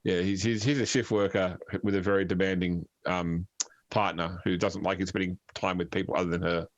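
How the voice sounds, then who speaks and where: A man's voice: sits low, little pitch movement, a little fast, dry recording, dull audio. A man chatting casually after a tabletop game, rambling and self-deprecating. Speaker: player. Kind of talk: casual chat.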